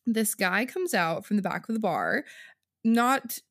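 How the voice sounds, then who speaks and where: A woman's voice: mid-range voice, expressive, measured pace, a bit bright. A young woman co-hosting a podcast, telling a story in casual chat with frequent laughs. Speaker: podcast co-host.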